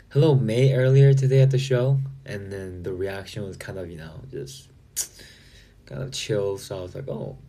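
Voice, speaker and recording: A man hosting a relaxed livestream, reading viewer comments aloud and answering them. His voice sits fairly low, with a mellow tone and a husky edge. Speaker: livestream host. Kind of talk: casual livestream chat with fans.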